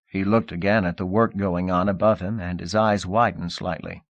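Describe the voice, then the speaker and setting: A man narrating an audiobook with a steady, measured reading. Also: sits low, no echo. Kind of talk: scripted narration.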